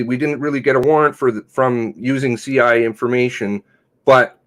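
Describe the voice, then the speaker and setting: A man hosting a casual livestream reads articles aloud and comments on them sarcastically and mockingly. He swings between loud outbursts and low mutters.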